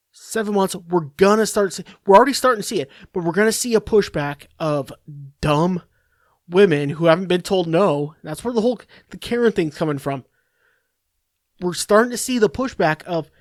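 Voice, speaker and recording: A man hosting a podcast, ranting alone in a profane, exasperated way with halting restarts. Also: high voice, no echo, clean studio sound. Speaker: podcast host. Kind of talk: solo comedic rant.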